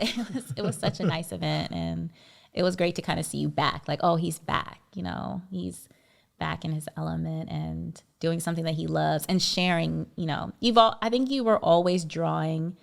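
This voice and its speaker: Woman, podcast co-host, gravelly low voice, relaxed, reflective. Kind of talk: casual podcast chat.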